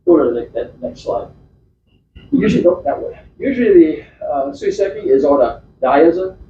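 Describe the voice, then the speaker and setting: A man's voice: a little high, lively intonation, moderate pace, background noise. Rambling man giving an echoey slide talk. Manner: chatty, rambling, with frequent restarts and fillers. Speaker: club presenter. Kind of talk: informal slide talk at a club meeting. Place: meeting room. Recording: echoey, distant, dull club meeting recording.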